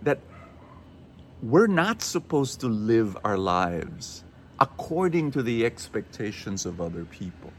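A man with a Filipino accent hosting an inspirational radio show, telling stories in a lively, preaching way and quoting people in changing voices. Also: lowish voice, takes it slowly, a little hiss or hum. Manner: animated storyteller, quotes others in shifting voices. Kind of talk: inspirational sermon talk.

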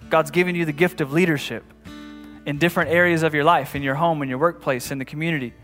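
A man preaching a sermon as a pastor in a conversational way, often restarting and repeating phrases, building to emphatic passages. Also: on the high side. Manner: rises to emphatic, louder passages.

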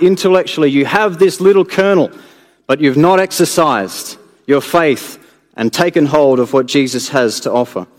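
A man preaching a sermon in an earnest way, building to emphatic peaks and then dropping low and soft. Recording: long hall reverb.

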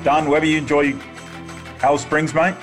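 A man's voice: on the high side, little pitch movement, moderate pace, music in the background. A man with an Australian accent hosting a casual podcast, laid-back and matey. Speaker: podcast host.

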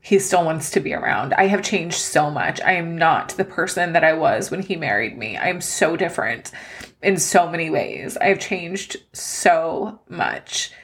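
A woman's voice: sits low, animated, measured pace, a bit bright. A woman in her thirties hosting a personal podcast, talking earnestly and close to tears. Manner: earnest, emotional, tearful at times. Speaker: podcast host. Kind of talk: personal life-update podcast.

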